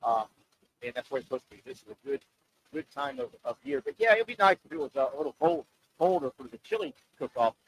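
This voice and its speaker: Guy hosting radio live from an open air bar, gravelly voice, pitch jumps everywhere, goofy and rambling. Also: fast talker, poor audio. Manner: animated, jokey, rambling. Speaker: radio show host. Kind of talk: casual radio chat.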